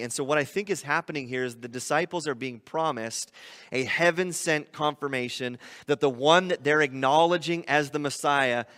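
A man's voice: on the high side, normal speed, bright, forceful tone, big-room sound. A man preaching a teaching sermon, talking through scripture conversationally and asking his listeners rhetorical questions. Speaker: pastor. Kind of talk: expository sermon.

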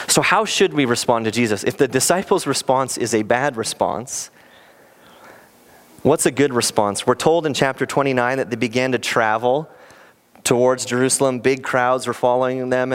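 A man preaching as a pastor in an earnest, animated sermon, often acting out quoted lines. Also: mid-range voice, moderate pace.

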